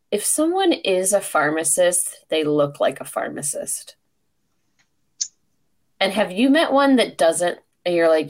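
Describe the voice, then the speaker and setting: A woman hosting a podcast in casual chat, telling a story with lots of laughter. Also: on the low side. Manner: animated, laughs often while telling a story. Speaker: podcast host.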